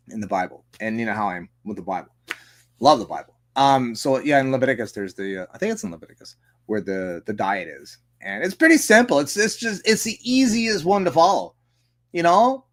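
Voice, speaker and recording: Sarcastic, profane male political commentator. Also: medium pitch. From Canada. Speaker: host. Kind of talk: political commentary reading news articles.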